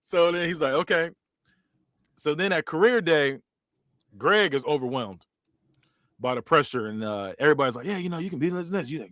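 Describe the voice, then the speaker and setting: A man's voice: a little fast, pauses often, a bit bright, no echo, studio quality. A man, hosting a podcast and casually recapping a movie, laughing often and acting out the lines. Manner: laughs often, acts out quotes with big pitch jumps. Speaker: podcast host. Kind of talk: casual movie review chat.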